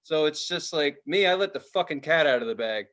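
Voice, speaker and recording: A man in his forties, chatting casually on a podcast. His voice sits a touch high, and he tells stories in an animated, profane way, often breaking into laughter. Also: fairly quick. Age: 40s. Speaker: podcast co-host. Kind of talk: casual chat.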